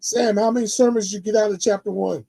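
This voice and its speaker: A man's voice: high voice, steady tone, fast, vocal fry, warm tone, husky, dry recording. A man instructing a class in casual chat, talking others through technical steps and repeating himself.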